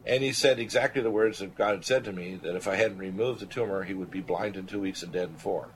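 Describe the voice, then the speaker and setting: A man in his sixties, a physician and radio host, telling a personal story in an animated, rambling way, often clearing his throat. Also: low voice, fast, a little hiss or hum, poor audio. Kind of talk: storytelling on a talk radio show.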